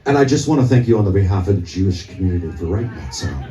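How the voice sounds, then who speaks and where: A man imitates a rock star with a sunken, very deep voice who drawls each word slowly and gravely. The sound carries the echo of a club and comes from some way off the mic. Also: very animated, over a noisy crowd. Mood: solemn. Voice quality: very deep, slow, deliberate drawl. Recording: echoey club, mic at a distance.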